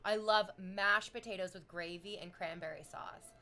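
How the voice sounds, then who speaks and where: A woman streaming, reading chat aloud and chatting casually in an animated, exclamatory way that drifts into tangents. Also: mid-range voice, normal speed.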